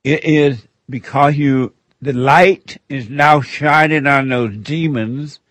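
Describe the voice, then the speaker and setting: A man's voice: mid-range voice, slow pace, fairly bright tone, dry recording. A man hosting a call-in radio show, rambling and laughing as he gives spiritual counsel.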